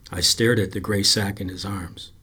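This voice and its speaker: A man narrating a story aloud in a slow, quiet, brooding delivery. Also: lowish voice, fairly even intonation, husky.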